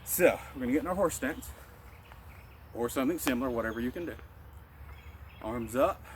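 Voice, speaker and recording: A male martial arts instructor leading a qigong class, calmly cueing each breath in and out and explaining the moves in a relaxed way. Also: medium pitch, fairly quick, slight background noise.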